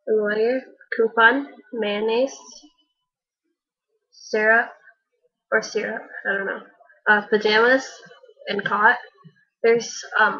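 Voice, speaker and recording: A young woman reading a list of words and questions for a home video, hesitant, with frequent pauses and fillers. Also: mid-range voice, slightly rough. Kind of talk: reading a word list on camera. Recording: dull lo-fi home recording.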